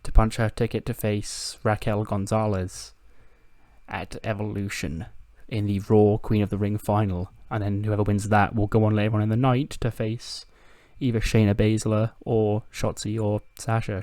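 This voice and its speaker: A man's voice: on the low side, level tone, moderate pace, a little mellow, no echo. A man casually narrating a game playthrough as its host, putting on playful voices for characters and swearing now and then. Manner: acts out quoted lines in playful put-on voices, laughs often, swears. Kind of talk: casual let's-play narration.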